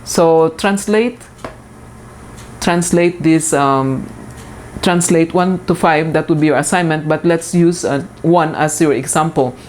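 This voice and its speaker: A woman teaches in a recorded lecture, her voice sitting on the low side. She explains patiently, repeating key points and pausing on fillers. A faint hiss runs underneath. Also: a little mellow. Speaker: instructor.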